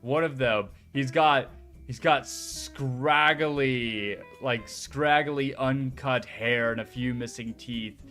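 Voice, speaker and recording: A young streamer chats casually and excitably at a slow pace, his pitch mid-range. He swears freely and speaks in bursts while faint music plays in the background.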